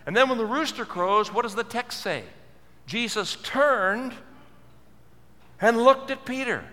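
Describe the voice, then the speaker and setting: A man's voice: extremely high pitch, unhurried, pushed and bright, in a large hall. A male pastor preaching a sermon, earnest and full of questions, repeating words for stress. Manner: earnest, asks many questions.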